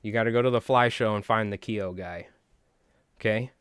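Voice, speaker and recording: A man, chatting in a rambling, animated way to his viewers while tying flies on a live stream. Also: lowish voice, moderate pace, clean tone, no echo, clean studio sound. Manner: rambling, animated, talks to chat.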